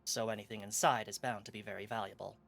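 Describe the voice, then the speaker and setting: Brash raider captain giving a loud mission briefing with some pirate slang, a man putting it on over his own voice. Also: on the low side, steady tone, quick pace, creaky, background noise. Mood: commanding. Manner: loud, upbeat briefing with half-hearted pirate talk. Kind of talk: voicing game dialogue on a stream.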